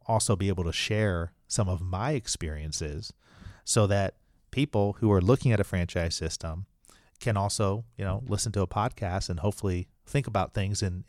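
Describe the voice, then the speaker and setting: A man with a deep, low-pitched voice talks as an interview guest. He explains his points earnestly and restarts his sentences as he thinks. The recording is dry and close, with no room sound. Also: fairly quick, darkish tone, dry recording. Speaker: franchise attorney and podcast host.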